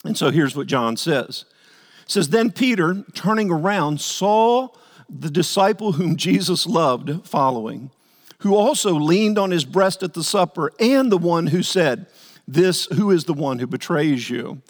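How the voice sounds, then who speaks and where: A man's voice: fairly high pitch, expressive, unhurried. A male pastor preaching a sermon earnestly, repeating words as he builds his points and acting out the quotes. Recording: long hall reverb.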